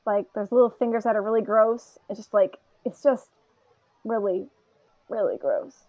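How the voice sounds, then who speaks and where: Through narrow, tinny audio, a woman with a mid-range voice talks at a normal speed. She's a podcast co-host recapping an anime episode in rambling, animated fashion, laughing plenty and mimicking the characters' voices.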